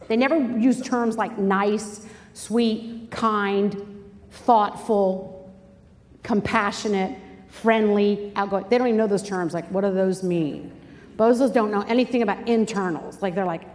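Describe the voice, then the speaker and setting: In a large hall before a live audience, a middle-aged woman gives an animated Bible study talk at a moderate pace, dramatically leaping into high, shrieking voices when quoting. The live recording carries long reverb.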